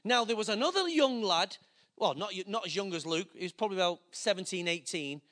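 A man's voice: sits high, fairly quick. A man preaching, telling a story with acted-out dialogue and plain emotion. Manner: animated, acts out dialogue, gets emotional. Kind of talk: sermon storytelling.

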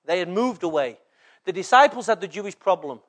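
A man's voice: sits high, animated, a little fast. A man from England preaching a sermon as a pastor, often checking in with the congregation through short rhetorical questions.

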